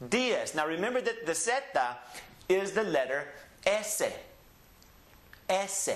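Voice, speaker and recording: With a fairly bright, slightly high voice, a man with a Southeast Texas accent teaches Spanish in a roomy-sounding space. Each word comes out slow and stretched, followed by the class repeating it in call-and-repeat fashion.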